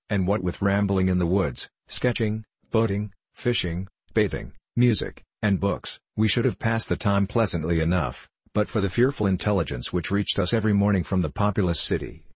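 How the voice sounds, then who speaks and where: A man reading classic fiction aloud as an audiobook, in a measured, formal storytelling manner. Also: low-pitched, darkish tone, breathy edge, dry recording. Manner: measured, formal storytelling with archaic dialogue read in the same voice. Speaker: audiobook reader. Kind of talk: scripted narration of classic fiction.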